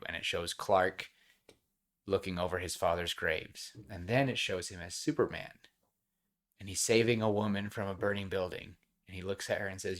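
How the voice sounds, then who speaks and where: A man's voice: low-pitched, level tone, brisk, a bit bright. A young man co-hosting a podcast, talking earnestly and getting emotional in casual chat. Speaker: podcast co-host.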